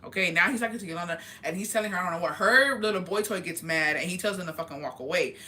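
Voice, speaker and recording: Fast-talking young woman telling gossip. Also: lowish voice. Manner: animated, profane, rapid storytelling. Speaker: vlogger. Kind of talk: storytime gossip vlog.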